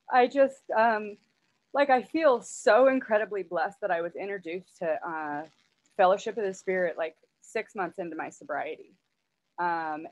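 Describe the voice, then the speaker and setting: A woman's voice: medium pitch, dull audio. A woman sharing in a gushing, tearful way at an online recovery meeting, often saying "like" and "you know". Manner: gushing, tearful, many fillers of like.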